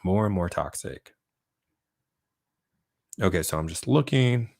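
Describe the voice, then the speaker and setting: A man with a low, deep voice talks loosely and at length to his channel's viewers, reacting to their comments as he goes. He keeps tagging his points with "right?" and breaks into short laughs. The sound is dry and close, with no room echo. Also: expressive, unhurried, vocal fry, darkish tone. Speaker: channel host. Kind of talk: casual livestream monologue answering viewer comments.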